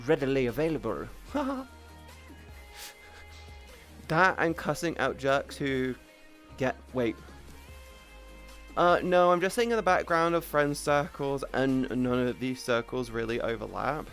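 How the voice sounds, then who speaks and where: A woman livestreamer chats casually into a headset boom mic, rambling and breaking off to greet viewers. Her voice is extremely low in pitch, with lively intonation at a normal speed, and faint music plays behind her.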